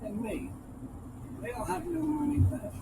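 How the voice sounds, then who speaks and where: A man in his nineties, a war veteran, telling stories emphatically and repeating key phrases, with loud background noise. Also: very high-pitched, expressive, a little slow, vocal fry. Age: 90s. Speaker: WWII veteran guest. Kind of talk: storytelling interview.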